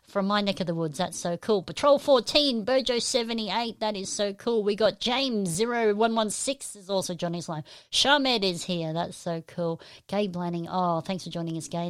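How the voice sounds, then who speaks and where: Australian woman host, cheery live-stream patter, mid pitch, dry close sound. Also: clean tone, no room sound. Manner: upbeat, chatty, keeps saying how cool it is. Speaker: podcast host. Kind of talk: live-stream chat, greeting viewers.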